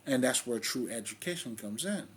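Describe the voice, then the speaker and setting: A man's voice: medium pitch, lively intonation, normal speed, husky. A man with a Haitian accent hosting a casual spiritual monologue, blunt, streetwise and heavy on swearing. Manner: blunt, profane, streetwise and emphatic. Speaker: spiritual video host.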